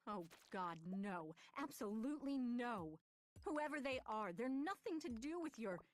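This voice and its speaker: A woman voicing a hoarse, defiant young woman who argues in a raised, insistent voice, read from an audiobook. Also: mid-range voice, extremely slow, pushed and bright, exaggerated voice.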